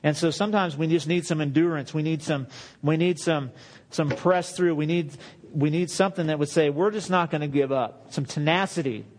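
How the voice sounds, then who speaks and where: A man's voice: fairly high pitch, steady tone, fairly quick, a little mellow, slight background noise. A man preaching a sermon in a conversational way, acting out the quoted voices and laughing often.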